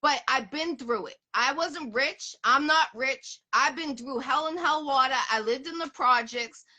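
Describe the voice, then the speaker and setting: High bright-voiced blunt woman. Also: unhurried. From Boston area, USA. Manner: blunt, profane, emphatic. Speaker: interview host. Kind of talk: casual street interview talk.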